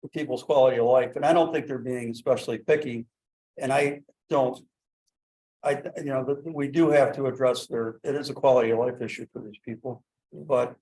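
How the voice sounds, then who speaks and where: A man on a village board, speaking at a public meeting in a halting way with many restarts. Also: mid-range voice, steady tone, warm tone, rough recording. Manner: hesitant, many restarts and fillers. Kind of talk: meeting discussion.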